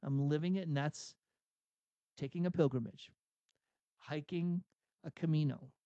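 A man's voice: fairly high pitch, a little slow, warm tone, no echo, muffled recording. A man hosting a Catholic radio talk, speaking earnestly and acting out inner dialogue as he preaches. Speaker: radio host and executive coach.

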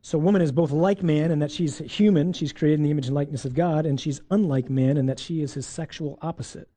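Lively man teaching scripture, mellow voice. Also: fairly high pitch, fast talker. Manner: lively, playful asides, acts out voices. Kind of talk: faith talk on scripture.

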